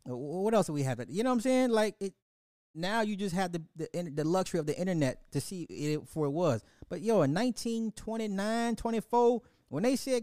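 Casting: slightly high-voiced male podcast host, profane, animated live-stream rant, dry close sound. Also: brisk, no room sound. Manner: profane, animated, repeats and restarts a lot; talks straight to the audience, laughs at his own points.

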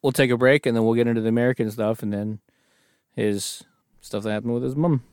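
A man's voice: mid-range voice, fairly even intonation, fast talker, darkish tone, clean tone, no room sound. Brief: playful male co-host, casual banter, lots of laughs, dry close sound. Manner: joking, laughs often, playful wordplay. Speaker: podcast co-host. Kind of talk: casual chat.

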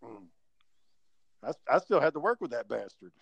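A man's voice: medium pitch, sing-song, normal speed, creaky, fairly bright tone, breathy edge. A man hosting a casual online chat and telling a profane story in a laid-back, chuckling way. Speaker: podcast host telling a story. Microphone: online voice call.

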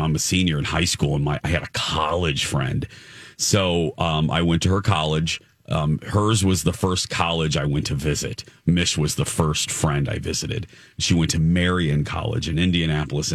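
A man's voice: rumbling low, breathy edge, dry recording, clean studio sound. A middle-aged man telling a rambling story in a casual chat, often correcting himself.

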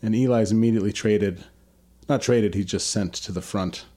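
A man's voice: on the low side, normal speed, dark tone. A man co-hosting a podcast, riffing through absurd comedic bits in casual chat, with frequent ums. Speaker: podcast co-host.

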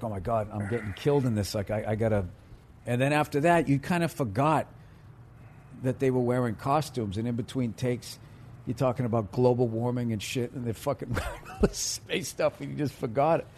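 A man's voice: mid-range voice, normal speed, a little mellow, slight background noise. A middle-aged man with a Boston accent, a guest comedian chatting on a podcast, rambling through stories and swearing freely. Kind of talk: casual podcast chat.

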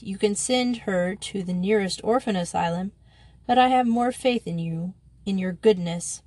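A woman's voice: mid-range voice, a little mellow, no echo, lightly acted. A woman reading aloud a stiff, formal letter from a cold father abandoning his daughter.

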